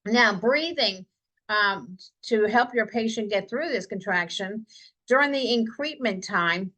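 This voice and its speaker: A woman's voice: mid-range voice, unhurried, pushed and bright, rough recording. A woman nursing instructor giving a conversational exam review lecture in a classroom, checking in with the students by asking "okay?" again and again.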